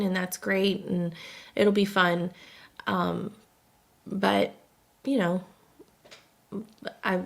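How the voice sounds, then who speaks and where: A woman's voice: mid-range voice, gravelly. A woman co-hosting a casual podcast, venting emotionally and holding back tears. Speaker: podcast co-host.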